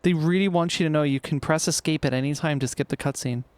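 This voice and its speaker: A man's voice: fairly high pitch, quick pace, no room sound. A man chatting casually while he streams a game, thinking aloud and swearing now and then. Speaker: livestreamer. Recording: loud truck and traffic game noise.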